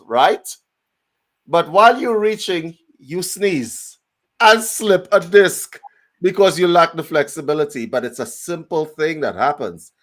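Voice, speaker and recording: A man co-hosting a live show over a video call. He speaks emphatically, like a coach, and addresses viewers directly. His voice climbs high when he makes a point and sinks low when he slows down. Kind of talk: energetic live-show talk.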